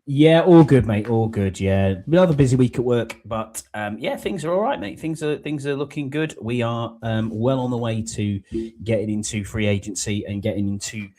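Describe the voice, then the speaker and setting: A man's voice: mid-range voice, moderate pace, dark tone. A man hosting a casual sports podcast, chatty, with frequent ums and "mate". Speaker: podcast host.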